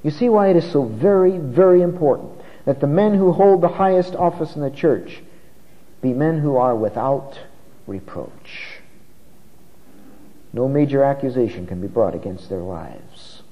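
In a muffled recording from a large church hall, a man preaches an expository sermon. He speaks at a medium pitch with lively intonation, slowing to stress important words.

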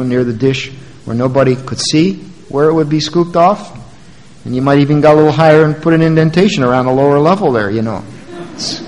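A man preaching a sermon, moving between quiet, low asides and loud, emphatic passages. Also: big-room sound, poor audio.

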